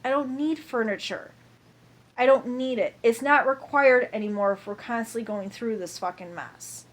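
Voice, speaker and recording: A woman's voice: a little high, normal speed. A woman ranting to camera in a heated, profane monologue, repeating herself over and over.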